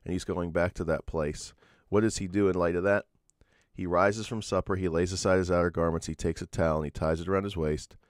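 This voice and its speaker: Male pastor, deep voice, earnest teaching sermon with restarts, dry sound. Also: steady tone, a little fast, dry recording. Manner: earnest, explanatory, with frequent fillers and restarts.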